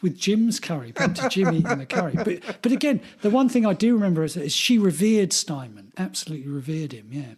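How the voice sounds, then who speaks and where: A man's voice: sits high, big pitch swings, a little fast, hardly any pauses, a little mellow, husky. A middle-aged man co-hosting a podcast, chatting casually in a rambling way, laughing and swearing as he goes. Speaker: podcast co-host. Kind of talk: casual chat.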